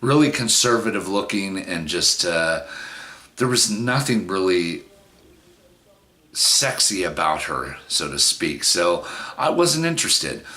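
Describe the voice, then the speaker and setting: A man's voice: low voice, big pitch swings, slow pace, sharp tone. A middle-aged man telling a personal story in a rambling, frank and profane way, with many restarts. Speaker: vlogger. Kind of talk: casual storytelling monologue.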